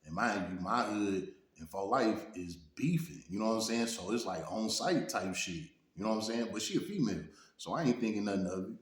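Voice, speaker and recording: Laid-back Detroit man, low voice, spinning a street story in a roomy room. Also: animated, fairly quick, few pauses. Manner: laid-back, peppers talk with "you know what I'm saying". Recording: roomy echo.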